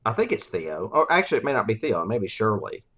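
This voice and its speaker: A man's voice: fairly low pitch, big pitch swings, fast talker, a bit bright, slightly rough. A man co-hosting a podcast, chatting casually, laughing easily and thinking aloud. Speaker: podcast co-host. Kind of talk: casual recap chat. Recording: slightly dull lo-fi audio.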